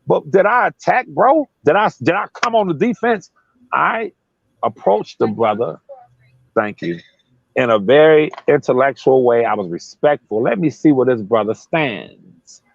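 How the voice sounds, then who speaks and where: A man talking casually on a live stream, telling stories in an animated way and mimicking other people. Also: a little high, vocal fry, no room sound, highs cut off. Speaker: guest on a live chat stream. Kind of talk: casual chat.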